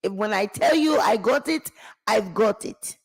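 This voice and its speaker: A woman doing an impression of an eager young woman rapper who talks loud and repeats herself on the phone. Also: medium pitch, animated, a little slow, gravelly, breathy edge, soft background music, exaggerated voice.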